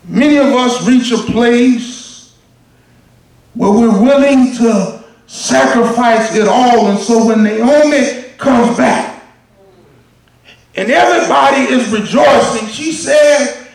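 A man preaching a sermon with impassioned shouts, repeating words in bursts. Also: very high voice, takes it slowly, vocal fry. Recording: echoey hall from far off, congregation.

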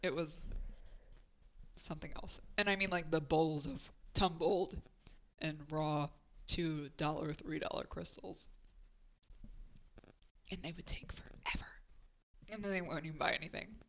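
A woman's voice: low voice, fairly even intonation, moderate pace, a bit bright, a little hiss or hum. A woman co-hosting a podcast in casual chat, wry and joking, often laughing. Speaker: podcast co-host.

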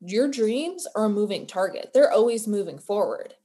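A woman's voice: mid-range voice, lively intonation, moderate pace, mellow. A woman co-hosts a casual podcast. She gives an earnest pep talk with a mid-range voice. Her tone is motivational and sincere. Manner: earnest, motivational, building to emotion. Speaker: podcast co-host. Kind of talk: casual chat.

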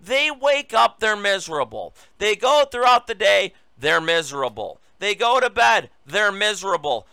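This is a man hosting his own political show, pitched high with a bright, smooth voice. He talks in a combative, mocking way full of sarcasm. The sound is dry and close, with no room in it. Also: no room sound. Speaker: political talk show host. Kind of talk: opinionated political commentary.

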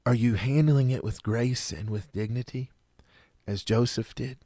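A man preaching a sermon in an earnest, measured way, with dramatic pauses. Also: medium pitch, a little mellow, no echo, studio quality.

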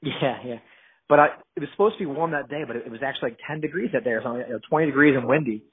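A man's voice: mid-range voice, rapid-fire, a little hiss or hum. A man from New Jersey, a guest in casual podcast chat, rambling with lots of fillers and restarts. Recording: narrow phone-like sound.

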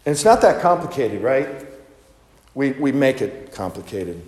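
A man gives an Easter sermon at a slow, easy pace, talking with his listeners as much as preaching at them. His voice sits at an ordinary pitch. The recording carries the roomy echo of a large church with a long reverb tail. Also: very animated, a little mellow. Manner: conversational, unhurried, with rhetorical questions. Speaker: pastor. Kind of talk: Easter sermon with personal storytelling. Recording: echoey hall with long reverb.

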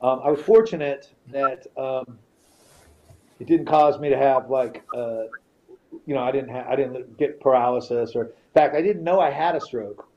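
A man's voice: medium pitch, moderate pace, warm tone, highs cut off. A man, a retired fighter, is a podcast guest telling a story casually in blunt, profane language and often repeats himself.

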